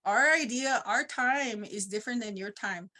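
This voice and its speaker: Gentle little people spirits, as a woman quotes them. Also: on the high side, normal speed. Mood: reassuring.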